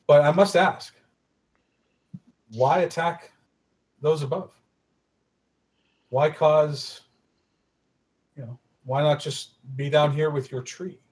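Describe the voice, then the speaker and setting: A courtly adventurer, as a man puts him on at a tabletop game, grandly polite and formal, pitched a touch higher than his everyday talk. He questions a stranger with exaggerated good manners. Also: steady tone, slow pace, long pauses, a little mellow, low-quality recording. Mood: courtly, probing.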